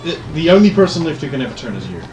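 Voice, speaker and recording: A man's voice: a little high, sing-song, rapid-fire, darkish tone. A man narrating a tabletop game as game master, playful and theatrical. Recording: roomy, distant, music behind.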